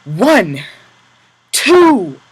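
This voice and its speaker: A man reading a memoir aloud and voicing a cruel male camp work boss, whose slow, cold threats give way to loud barked orders and counts. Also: on the high side, husky, rough recording. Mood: barking.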